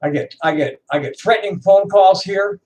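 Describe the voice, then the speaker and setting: A trans woman in her sixties ranting to camera in a profane, defiant, bitter way, halting and repeating words with laughing asides. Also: mid-range voice, darkish tone, poor audio. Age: 60s. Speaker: vlogger. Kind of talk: unscripted rant to camera.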